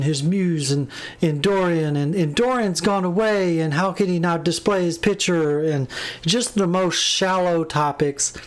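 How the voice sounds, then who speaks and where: A man giving a casual spoken book review, rambling with many restarts and fillers, plainly exasperated. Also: a little high.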